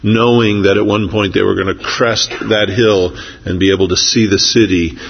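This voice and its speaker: A man preaching a sermon as pastor, unhurried and pausing with fillers, reading scripture slowly. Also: fairly low pitch, fairly even intonation, gravelly, breathy edge, big-room sound, dull audio.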